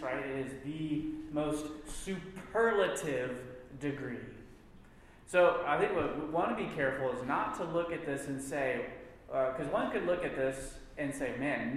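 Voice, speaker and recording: A man teaching a church Bible class, stressing points by repeating words. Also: on the high side. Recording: echoey room with long reverb.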